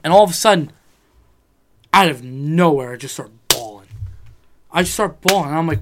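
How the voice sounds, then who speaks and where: A man's voice: on the high side, expressive, a little fast, pauses often, a bit bright. A man in casual chat, telling a rambling personal story, swearing freely and acting out what people said.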